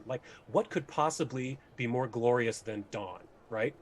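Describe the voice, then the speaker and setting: A man's voice: mid-range voice, expressive, normal speed, slightly rough. A man running a tabletop game as game master, describing scenes with many hesitations.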